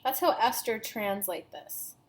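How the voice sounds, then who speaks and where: This woman's voice sits a little high and moves at an unhurried pace. Channeling a spiritual message, she talks as a collective "we," mentions herself in the third person, and returns to her main phrases with earnest repetition.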